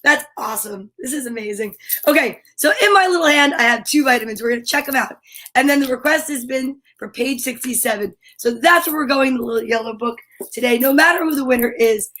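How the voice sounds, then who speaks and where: A woman's voice: sits high, a little fast, fairly bright tone. A woman hosting a storytime livestream for children, bubbly and sing-song, chatting to viewers and reading their comments aloud.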